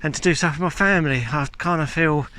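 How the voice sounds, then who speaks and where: Bright-voiced man chatting on a walk. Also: on the high side, fast. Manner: chatty, rambling, candid. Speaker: vlogger. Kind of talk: casual walking chat. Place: outdoors on a countryside walk. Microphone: handheld camera while walking. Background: faint outdoor ambience.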